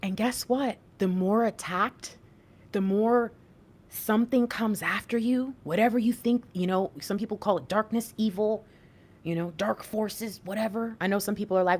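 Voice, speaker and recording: A woman in her thirties hosting a livestream spiritual reading, talking in an animated, preachy way straight to her viewers. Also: mid-range voice, moderate pace. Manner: animated, preachy, talks to chat. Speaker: intuitive reader and livestream host.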